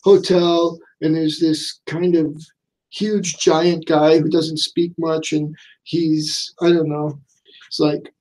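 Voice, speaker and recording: A man's voice: fairly high pitch, little pitch movement, slow, darkish tone, rough recording. A man chatting casually about a comic book, rambling and full of fillers. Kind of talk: casual chat.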